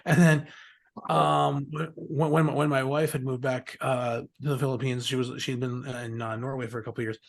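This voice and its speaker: A man's voice: mid-range voice, level tone, normal speed, gravelly. A middle-aged man telling stories in a rambling, casual way as an interview guest, swearing freely and laughing often. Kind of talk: casual storytelling.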